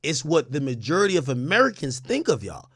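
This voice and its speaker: A livestream host from Jamaica rants at full volume, his voice high and swinging wildly up and down. The tone is bright and forceful, and the dry, close mic keeps every shout and mutter right in your ear. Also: big pitch swings, a little fast, breathy edge, no echo. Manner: loud, profane, swings from shouting to low mutters. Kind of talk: animated livestream rant.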